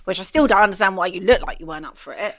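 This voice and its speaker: A woman in casual football chat, quick and chatty, often restarting her sentences. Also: mid-range voice, no echo. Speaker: football podcast pundit.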